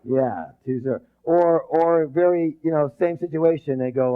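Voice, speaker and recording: This man, a leadership trainer, leads a live seminar where he keeps restarting sentences in a rambling way and drills the audience with call-and-response. His voice is a little high, at a normal speed with hardly any pauses. The recording is dull and lo-fi.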